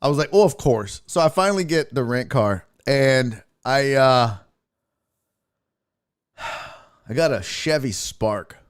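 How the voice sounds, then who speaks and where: A man's voice: mid-range voice, animated, takes it slowly, long pauses, clean tone. A man hosting his own show, telling a story in a profane, ranting casual style. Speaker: sports show host.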